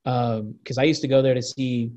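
A man's voice: mid-range voice, steady tone, normal speed, darkish tone. Rambling young man telling stories. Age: 20s. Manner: rambling, many restarts and fillers, swearing. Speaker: guest. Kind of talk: casual storytelling chat.

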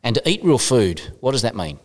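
A man's voice: mid-range voice, big pitch swings, brisk, darkish tone. A man hosting a casual podcast interview, talking in a chatty, enthusiastic way with the odd casual swear. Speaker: podcast host. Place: gym.

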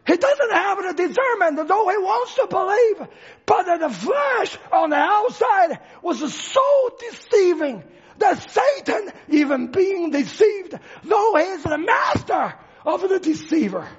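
A male preacher giving a dramatic sermon, swinging from shouts to hushed lines, on a dull lo-fi recording. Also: extremely high pitch, sing-song, a little slow.

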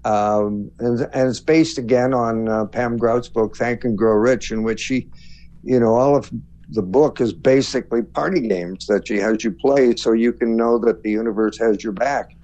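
A male guest speaker on a spiritual talk show, speaking in a measured way with many fillers. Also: medium pitch, fairly even intonation, mellow. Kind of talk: casual interview talk. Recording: dull lo-fi sound.

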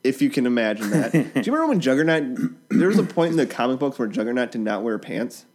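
Male co-host, mid-pitched, deadpan asides, halting casual delivery. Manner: dry, hesitant with many fillers. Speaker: podcast co-host. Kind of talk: casual chat.

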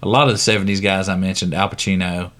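A middle-aged man co-hosts a relaxed podcast in a fairly low voice. He talks in a chatty, joking way and gives firm opinions freely. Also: fast. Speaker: podcast co-host. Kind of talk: casual podcast chat.

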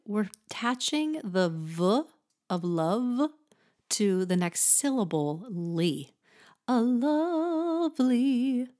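A woman hosting a podcast singing lesson, explaining vowels patiently and breaking into short sung examples. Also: fairly low pitch. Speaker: voice teacher and podcast host.

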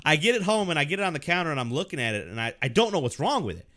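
A man's voice: on the high side, rapid-fire, no echo. A young man co-hosting a podcast, telling stories in casual chat with lots of swearing and laughter. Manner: animated storytelling, swears often, laughs. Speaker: podcast co-host.

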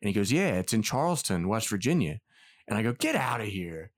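A man's voice: on the low side, sing-song, quick pace. A man co-hosting a casual podcast, telling a long story and acting out the quoted dialogue, swearing freely. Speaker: podcast co-host.

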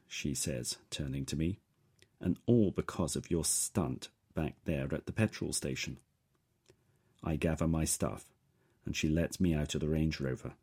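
A man with a very deep voice reads a first-person story in a steady, measured way. His tone is husky and a little rough around the edges. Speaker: audiobook narrator. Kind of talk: first-person audiobook narration.

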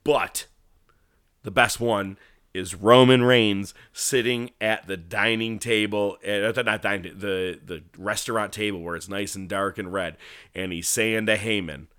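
Slightly slow and low-voiced, a podcast co-host talks wrestling casually in a clean, dry studio recording with a clean tone. Animated tales, swearing, and dramatized movie lines mark his delivery.

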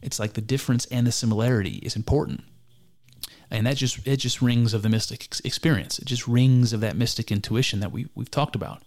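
Guy thinking out loud, earnest, keeps restarting sentences, mid-pitched voice. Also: fairly even intonation. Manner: musing, earnest, halting with many restarts. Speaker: speaker discussing mysticism. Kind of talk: reflective spoken commentary on a text.

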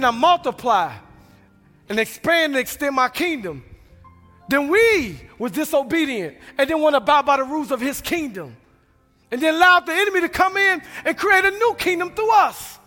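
A middle-aged pastor preaching a sermon in a church, swinging from hushed lows to loud, emphatic peaks. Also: male voice. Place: church sanctuary. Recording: reverberant hall with music behind.

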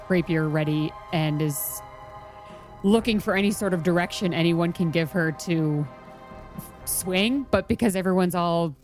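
A woman playing a tabletop game, chatty, describing her character in the third person. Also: lowish voice. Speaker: player. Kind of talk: casual tabletop game play.

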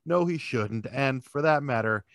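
A man's voice: medium pitch, animated, measured pace, no room sound. A man on a casual sports podcast, giving dry, joking takes. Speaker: podcast co-host.

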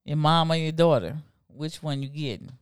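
A woman co-hosting a casual podcast chat, brash and quick to laugh and curse. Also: deep voice, smooth, dry recording, studio quality. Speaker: podcast co-host.

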